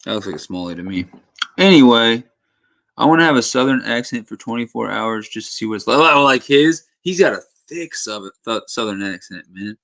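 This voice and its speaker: A man's voice: medium pitch, animated, normal speed, creaky, fairly bright tone, no room sound. Casual young man hosting a fishing livestream. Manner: rambling, reads chat comments aloud. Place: home fishing room.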